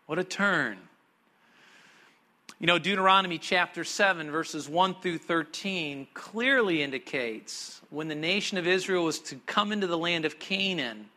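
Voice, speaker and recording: High, bright-voiced male preacher. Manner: dramatic preacher, shifts from quiet asides to sudden loud emphasis. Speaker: pastor. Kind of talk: sermon.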